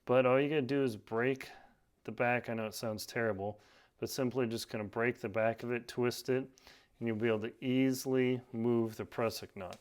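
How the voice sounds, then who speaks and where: A man's voice: mid-range voice, steady tone, moderate pace. A man casually demonstrating and explaining a climbing knot step by step, in a plain, practical way while working with his hands. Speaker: outdoor skills instructor. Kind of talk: casual knot-tying tutorial.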